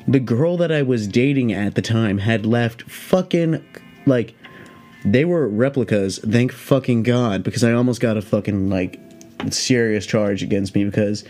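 A man's voice: medium pitch, darkish tone. A young man hosting a podcast, telling a rambling story in a casual, profane, laid-back way. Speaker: podcast host.

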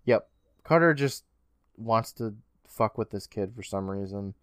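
A man's voice: on the low side, expressive, a little slow, fairly bright tone, no room sound, studio quality. Male podcast co-host: casual, sarcastic, recapping scene by scene. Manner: chatty, swears casually, sarcastic asides.

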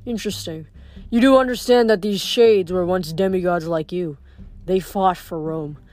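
A woman reading aloud, voicing a calm, solemn male god of death in a storybook. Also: on the low side, moderate pace, soft background music, natural voice. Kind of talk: audiobook reading.

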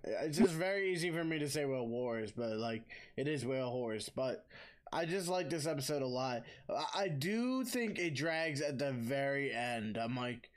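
A man's voice: mid-range voice, lively intonation, moderate pace. A man co-hosting a casual podcast chat, teasing his co-host and tripping over words now and then.

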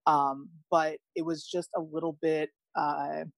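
Young female podcast guest: low, dry voice, chatty and digressive. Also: level tone, unhurried, gravelly, no room sound. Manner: chatty, laughing, rambling asides. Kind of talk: casual sports chat.

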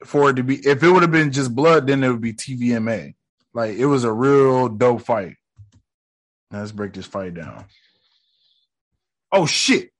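A man giving casual reaction commentary on a show, excitable and profane, full of slang, sometimes acting out lines. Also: fairly high pitch. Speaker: reaction video host.

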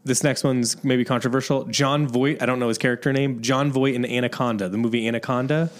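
A man's voice: medium pitch, fairly even intonation, brisk. A man co-hosting a podcast in casual chat, talking in a dry, blunt and offhand way. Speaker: podcast co-host.

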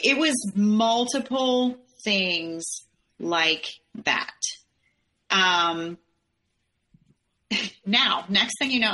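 Candid woman guest, bright and sharp-toned, retelling events and voicing the quoted lines. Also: mid-range voice. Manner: candid, acts out quoted dialogue in her retelling. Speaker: podcast guest. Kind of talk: personal storytelling in an interview.

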